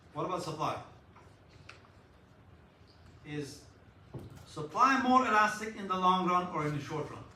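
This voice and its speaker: A man lecturing a university class in an animated way, putting questions to students and joking. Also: fairly high pitch, distant mic. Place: lecture hall. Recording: echoey hall, voice from afar, faint noise.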